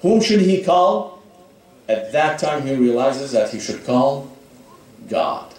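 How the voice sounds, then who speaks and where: A man's voice: mid-range voice, sing-song, slow, a little mellow. A man preaching a sermon, telling a story dramatically with frequent "you know" fillers. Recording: echoey hall, speaker far from mic.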